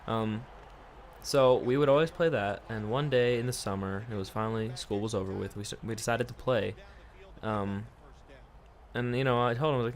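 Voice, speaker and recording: A man's voice: medium pitch, lively intonation, moderate pace. A man telling a childhood story for his vlog, laughing often and swearing freely. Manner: profane, laughing, rambling storytelling. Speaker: vlogger.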